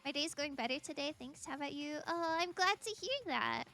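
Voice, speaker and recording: A young woman with an American accent chats and giggles through a game stream, answering viewers as she plays. Her voice is high and bright. Soft game music sits faintly behind her. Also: lively intonation, brisk. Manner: chatty, giggly, reading and answering chat. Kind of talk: casual game-stream chat.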